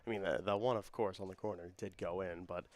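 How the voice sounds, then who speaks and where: A man's voice: sits low, fairly even intonation, fast. Young man calling a soccer match. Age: young adult. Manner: rises and speeds up with the action. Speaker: play-by-play commentator. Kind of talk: student sports commentary.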